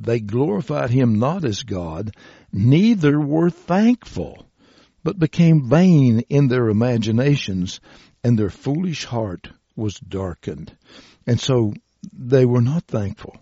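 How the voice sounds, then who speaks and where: Slow, husky-voiced male preacher. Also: fairly low pitch, mellow, no echo, highs cut off. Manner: slow, deliberate, reads scripture aloud. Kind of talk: sermon.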